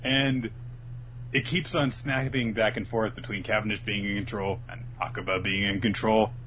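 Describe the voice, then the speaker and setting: A man's voice: on the low side, moderate pace, slight background noise. A man on a casual podcast, retelling anime episodes and acting out the characters' lines with lots of energy. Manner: animated storytelling, acts out the characters' lines in raised voices. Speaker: podcast co-host recapping an anime. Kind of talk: casual chat.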